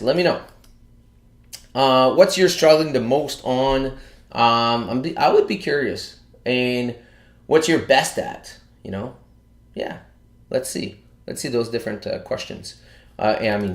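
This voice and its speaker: A man hosting a casual live stream, chatty and full of fillers and restarts, sounding out of breath. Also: mid-range voice. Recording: echoey room.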